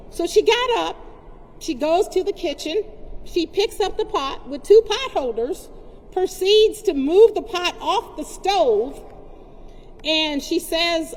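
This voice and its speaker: A woman's voice: extremely high pitch, animated, takes it slowly, a little mellow, in a large hall. A woman giving an impassioned protest speech, telling a story to a crowd. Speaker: rally speaker.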